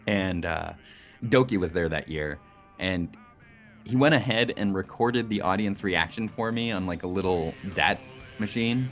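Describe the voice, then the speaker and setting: A man's voice: sits low, a little slow, faint music behind. A man being interviewed as a video editor, chatting casually, with lots of fillers and restarts as he rambles through his memories.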